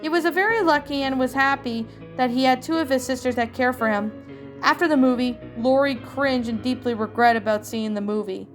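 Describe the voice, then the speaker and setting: A woman narrating a fan-written story, fairly high-voiced and steady. she reads evenly and stumbles now and then. soft music plays faintly underneath. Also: a little fast. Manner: plain, even reading with small slips. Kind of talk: storybook reading.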